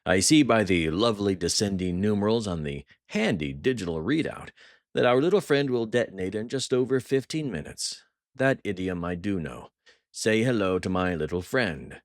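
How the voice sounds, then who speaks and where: Voiced by a man in a higher register, a middle-aged French crime boss gloats with dripping mock warmth. He sounds theatrical and pleased with his own cruelty. The audiobook sound is close and dry. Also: lively intonation, moderate pace, no echo. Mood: gloating.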